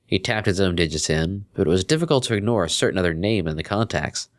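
A man narrating a fan fiction story in an expressive reading. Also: sits low, quick pace, few pauses.

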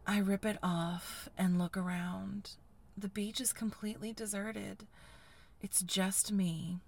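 A woman telling an intimate story in first person in a breathy, sighing, hushed whisper, as a whispered role-play. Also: medium pitch, steady tone, slow. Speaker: erotic audio narrator.

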